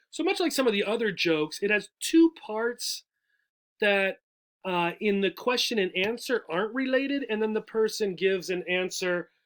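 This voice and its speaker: An adult education teacher with a high, fairly bright voice teaches English learners a lesson. He is patient and explanatory, walking through each joke and repeatedly checking in with "right?"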